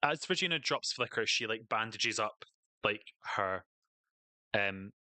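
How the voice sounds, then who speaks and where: Bright-voiced man running a tabletop game. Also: fairly low pitch, measured pace, slight background noise. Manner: relaxed, hesitant narration with many fillers. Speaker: game master.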